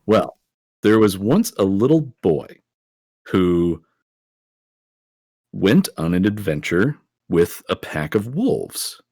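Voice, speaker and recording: A man with a very low voice that still moves lively up and down, playing a tabletop game character. He tells stories in a relaxed way, and the sound is dry with no room echo. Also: slow pace, pauses often. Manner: relaxed, storytelling. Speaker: player. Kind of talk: tabletop role-play.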